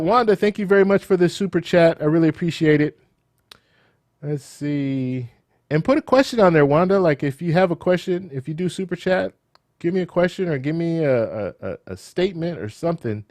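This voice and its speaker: Animated man hosting a livestream, dry sound. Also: a little high, no room sound. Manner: animated, repeats words and restarts, rhetorical questions. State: losing his voice. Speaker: livestream host. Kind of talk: casual live commentary and chat Q&A.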